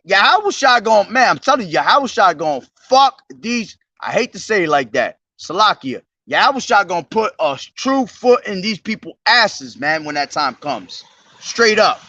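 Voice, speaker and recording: A man preaching on the street in a high, bright, sharp voice. His pitch swings widely as he moves between slow, declaimed scripture and fast, profane rants. The sound is dry and slightly dull. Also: dry recording, distant mic. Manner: profane, agitated ranting between loud declaimed verses. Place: outdoors on a street.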